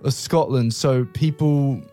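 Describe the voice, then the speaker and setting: A man's voice: mid-range voice, a little slow, faint music behind. A man from the United Kingdom chatting casually, explaining stereotypes with frequent chuckles. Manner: relaxed, chuckling, explains at length. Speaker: guest explaining British stereotypes. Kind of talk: casual chat.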